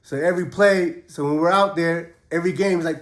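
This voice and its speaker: A man's voice: a little high, steady tone, a little fast, a bit bright. A man telling prison stories in a casual, profane way, and he raises his voice when he quotes people. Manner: laid-back, profane, acts out quotes in a raised voice. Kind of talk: casual storytelling. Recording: roomy echo.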